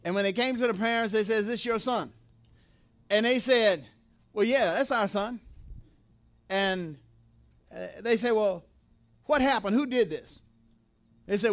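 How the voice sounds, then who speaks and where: A man's voice: sits high, unhurried, pauses often. A man preaching a sermon in a church, emphatic and repetitive, asking questions and answering them himself. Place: church sanctuary.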